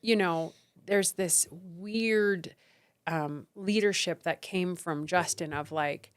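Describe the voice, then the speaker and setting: Middle-aged canadian woman chatting on a podcast, lively, does voices of other people. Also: fairly low pitch, slow pace, clear, resonant tone. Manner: animated, mimics others with raised voice. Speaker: guest, former politician. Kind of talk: casual podcast conversation.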